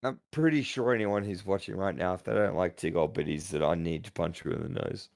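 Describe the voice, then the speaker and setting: A man's voice: deep voice, a little fast, creaky, a little mellow. An Australian man co-hosting a podcast, joking and swearing in casual crude banter. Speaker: podcast co-host.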